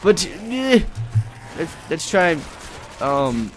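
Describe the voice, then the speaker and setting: A man's voice: a little high, very slow. Rambling young man yelping over a game. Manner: excitable, rambling, swears and yelps often. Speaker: gameplay commentator. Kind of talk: live gameplay commentary.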